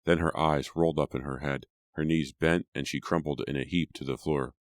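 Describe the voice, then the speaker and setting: A male audiobook narrator reads in a measured, steady manner. His voice is extremely deep. The sound is dry and close, with no room around it. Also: no echo. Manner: measured storytelling. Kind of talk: scripted narration.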